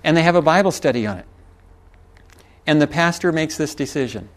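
A man's voice: medium pitch, lively intonation, normal speed. A middle-aged man preaching a sermon, telling a folksy story with chuckles and asides to the congregation. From Texas.

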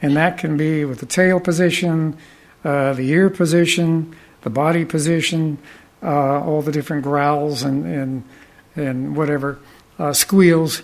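Guy with a gravelly kinda high voice rambling through folksy stories, lots of ums. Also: steady tone. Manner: rambling, folksy, with frequent pauses and restarts. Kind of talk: anecdotal storytelling talk.

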